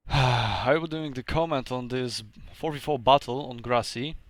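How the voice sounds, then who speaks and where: A man's voice: mid-range voice, measured pace, no echo. A man whose first language is Polish, casually commentating a strategy game battle, hesitant and thinking aloud with many fillers.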